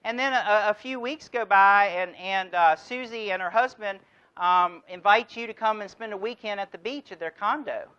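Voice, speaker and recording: A man's voice: sits high, normal speed, pushed and bright, clean tone, muffled recording. A man giving a motivational keynote address, telling a story and driving his points home with rhetorical questions. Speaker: keynote speaker.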